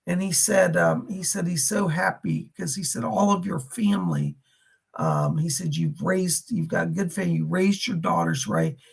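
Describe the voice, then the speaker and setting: A man's voice: a little high, creaky, breathy edge. A man hosting a live stream of psychic readings, relaying spirit messages and thanking viewers for donations. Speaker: psychic medium on a livestream.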